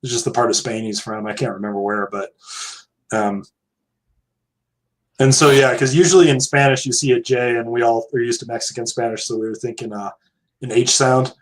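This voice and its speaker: A little fast and fairly even in intonation, this American man's mid-range voice carries a casual podcast chat. As co-host he rambles into side topics, chatty and hedging throughout.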